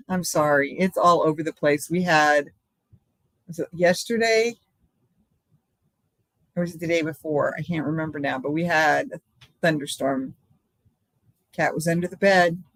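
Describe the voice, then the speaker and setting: A woman's voice: deep voice, no room sound. Rambling older woman chatting on a livestream. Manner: rambling and chatty, laughs often. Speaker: live stream host. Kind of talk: casual live stream chat.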